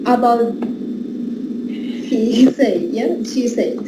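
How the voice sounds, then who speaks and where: A woman's voice: fairly high pitch, drawn-out words. Unsure woman student, far from mic, echoey, lots of noise. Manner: hesitant, unsure. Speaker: English learner. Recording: distant mic with loud noise and echo.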